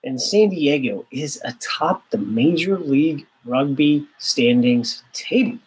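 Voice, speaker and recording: A man's voice: a little high, expressive, slow, darkish tone. A man co-hosting a casual podcast, rambling and opinionated with a joking edge. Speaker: podcast co-host.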